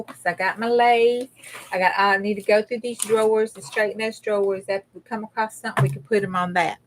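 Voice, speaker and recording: A woman's voice: mid-range voice, slight background noise. A middle-aged woman, hosting a casual crafting livestream. She rambles in a folksy way and greets viewers by name as she works. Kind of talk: casual chat while crafting.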